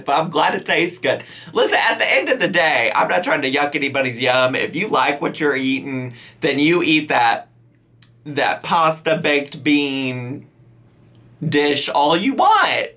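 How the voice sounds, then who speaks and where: Incredulous man reacting with bright, lively voice. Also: a little high, measured pace. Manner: incredulous, teasing, laughing. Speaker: reaction channel host. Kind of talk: comedic reaction commentary.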